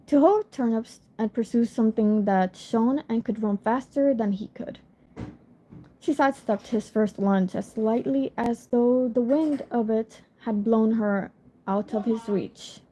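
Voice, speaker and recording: A woman reading a novel aloud on a livestream, casual and steady, with a few apologetic asides between passages. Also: fairly high pitch, a little slow, a little hiss or hum. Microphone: phone. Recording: lo-fi phone recording.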